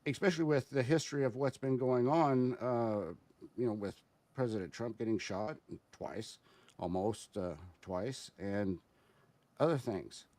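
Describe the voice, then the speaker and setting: A man giving casual spoken commentary as a guest, halting and explanatory, with many fillers and restarts. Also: mid-range voice, darkish tone, no echo.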